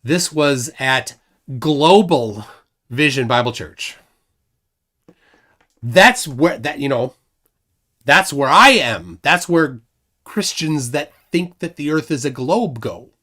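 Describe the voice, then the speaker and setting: A man's voice: on the high side, lively intonation, slow, pauses often, pushed and bright. A middle-aged man hosting a casual live stream, joking and rambling with self-deprecating asides.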